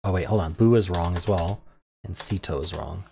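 A man solving a crossword out loud, muttering clues and thinking aloud in an unsure, self-questioning way. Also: low-pitched, normal speed, vocal fry, a little hiss or hum. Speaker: puzzle-solving video creator.

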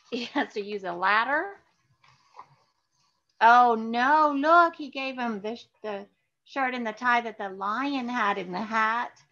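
A woman children's librarian reading picture books aloud for a virtual story time and leading an action song, animated and exclaiming to children. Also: a little high, highs cut off.

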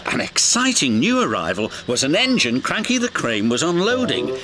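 Expressive male storybook narrator. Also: on the high side, normal speed. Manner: warm storybook telling, lively and expressive. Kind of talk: scripted children's story narration. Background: background music.

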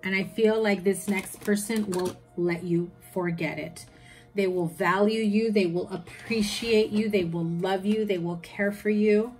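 Woman chatting thru a tarot reading, reassuring, soft music under it. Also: medium pitch, steady tone, unhurried. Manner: chatty, reassuring, reads card meanings in lists. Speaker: tarot reader.

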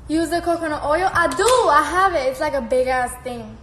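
A teenage girl with a high, slightly bright voice talks a little fast as she reads and answers fan comments on her live stream. She's casual, laughs frequently, and swears without restraint. The recording has room echo and faint background noise.

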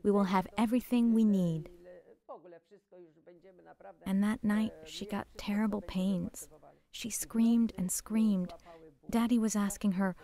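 An older woman whose first language is Polish, giving a halting, emotional personal testimony as a survivor. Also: mid-range voice, fairly even intonation, warm tone. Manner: emotional, halting storytelling, repeating words.

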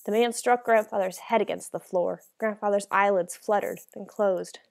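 A woman's voice: mid-range voice, fairly even intonation, moderate pace, vocal fry, darkish tone. A woman narrating a first-person novel as an audiobook, reading in a dramatic, emotional way.

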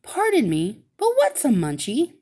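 A woman voicing a polite, puzzled young girl heroine in a storybook reading, higher than her own voice. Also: huge pitch swings, measured pace, dark tone, full character voice.

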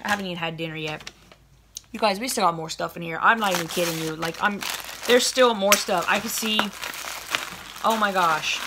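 A young woman chatting in a gushing, excited way while unboxing snacks for her viewers. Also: fairly low pitch, noisy background. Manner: gushing and chatty, lots of oh my goodness. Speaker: vlogger unboxing a snack box. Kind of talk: casual chat.

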